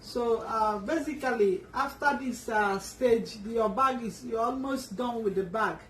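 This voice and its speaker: A woman giving an unhurried, step-by-step sewing tutorial, often restarting her sentences as she works. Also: fairly high pitch, far from the mic, a little hiss or hum. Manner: unhurried, restarts and fillers while working. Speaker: sewing instructor. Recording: echoey room, voice from off the mic.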